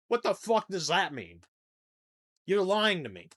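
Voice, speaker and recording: Young male podcast host, slightly raised pitch, rambling crude comic rant, jumps from shouting to muttering. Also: expressive, a little slow. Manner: rambling, crude, swings between loud outbursts and mumbling. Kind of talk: comedic monologue rant.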